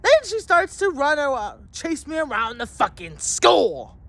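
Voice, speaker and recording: A vlogger telling a story as an angry rant, swearing constantly and shouting at times. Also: high-pitched, big pitch swings, a little slow.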